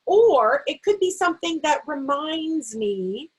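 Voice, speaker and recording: A woman teaching a vocabulary lesson to camera, saying the word slowly and sounding out its syllables. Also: high voice, sing-song, poor audio. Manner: slow, stretched-out word repetition. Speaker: literacy teacher.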